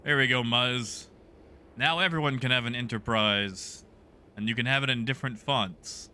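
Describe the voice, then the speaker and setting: A man's voice: mid-range voice, moderate pace, bright, forceful tone, slight background noise. A man streaming a game and chatting casually with live viewers, joking and riffing on their messages from his home setup.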